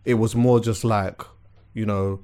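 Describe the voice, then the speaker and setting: A young man hosting a podcast, talking in a relaxed, reflective way with plenty of slang. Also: fairly low pitch, unhurried, clean tone. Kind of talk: casual chat.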